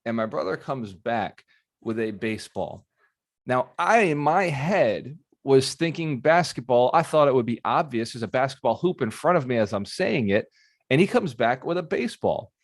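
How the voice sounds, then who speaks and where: A man speaks as a real estate mentor, giving a motivational talk to people on a video call. He keeps asking the audience questions in an animated way. His mid-pitched voice sounds dry and close to the webcam. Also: normal speed, no echo.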